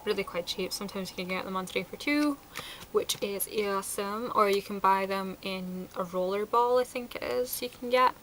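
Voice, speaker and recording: A woman's voice: mid-range voice, moderate pace, a bit bright, a little hiss or hum, poor audio. A woman chatting casually through a product review, enthusiastic and sprinkled with fillers. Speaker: beauty vlogger.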